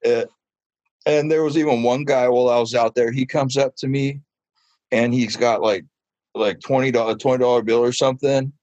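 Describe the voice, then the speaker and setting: A man's voice: mid-range voice, moderate pace, no room sound, highs cut off. Brief: male interviewee, casual storyteller, mid-range voice, close and dry. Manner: animated, chatty, many fillers. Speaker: muralist interviewee.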